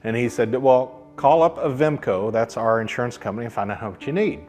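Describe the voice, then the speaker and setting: A pilot shares stories from his career during a casual interview, acting out the quoted dialogue as he goes. His mid-range voice has a darkish tone and moves a little fast, with soft music playing in the background.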